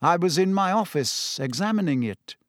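A man reading an audiobook voices a calm, weary middle-aged male teacher who speaks in a measured, patient way. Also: high-pitched, dry recording, clean studio sound, voice pushed up.

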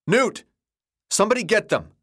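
A man voicing a tense teenage boy leader who shouts and demands answers. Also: fairly low pitch, normal speed, close to an everyday voice. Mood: alarmed.

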